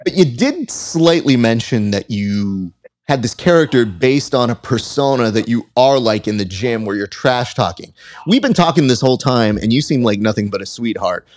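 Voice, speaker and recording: A man's voice: mid-range voice, expressive, moderate pace. A man hosting a casual interview podcast who jokes, tells stories and drops into impressions. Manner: joking, storytelling, slips into impressions. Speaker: podcast host.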